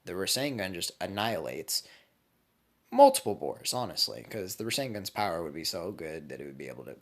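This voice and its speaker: Animated man rambling through a story. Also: sits low, a little fast. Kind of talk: casual fan speculation.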